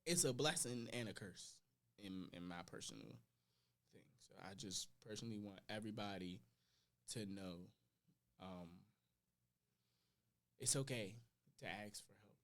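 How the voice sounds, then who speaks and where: A young adult man, a podcast guest, telling personal stories in casual slang, his voice swinging between loud and quiet. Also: fairly low pitch, expressive, unhurried, long pauses.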